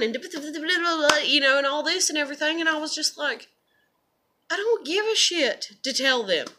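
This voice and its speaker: A woman talking in a casual monologue with a high, bright voice. She rambles candidly about her life and swears freely. Her voice is lifted and sharp-edged throughout. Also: lively intonation, normal speed, slight background noise. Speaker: vlogger and mother.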